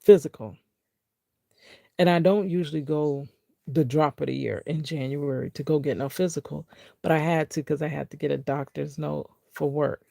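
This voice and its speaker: A woman vlogger telling a personal health testimony in an animated way, acting out what people said and talking straight to her viewers. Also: sits low, normal speed, gravelly, no room sound, studio quality. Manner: animated, acts out quotes, talks straight to viewers.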